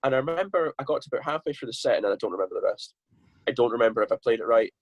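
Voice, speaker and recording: A man's voice: mid-range voice, expressive, racing, dry recording, highs cut off. A Scottish man telling a rambling, sweary tour story as a podcast guest, with lots of restarts. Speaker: guest musician.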